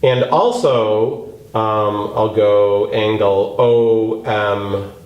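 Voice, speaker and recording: A man's voice: fairly low pitch, very slow, highs cut off. A man teaching a geometry proof lesson, thinking aloud as he works and stressing key words. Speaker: math teacher. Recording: echoey room, faint noise.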